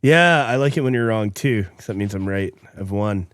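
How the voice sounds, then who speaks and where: A man co-hosting a podcast, relaxed and joking in casual chat. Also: on the low side, moderate pace, smooth, dry recording, studio quality. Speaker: podcast co-host.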